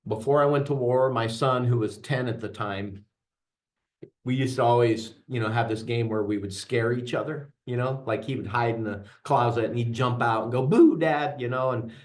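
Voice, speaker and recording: A middle-aged man, a veteran, giving an interactive workshop talk to an audience, earnest and mixing in jokey stories. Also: mid-range voice. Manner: earnest, joking storyteller addressing audience. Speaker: veteran trainer.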